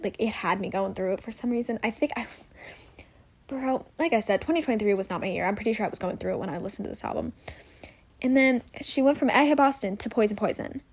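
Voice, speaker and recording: Gushing young woman podcaster, slightly high voice. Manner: gushing, rambling, many "like" fillers and self-corrections. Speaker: podcast host. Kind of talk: casual solo podcast chat.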